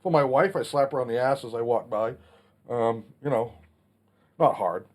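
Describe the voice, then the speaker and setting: A man's voice: medium pitch, normal speed. A man in his forties hosting a casual Q&A vlog, talking in a blunt, plainspoken way with some mild swearing. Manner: blunt, plainspoken, mildly profane. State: has the hiccups. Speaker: channel host answering a Q&A.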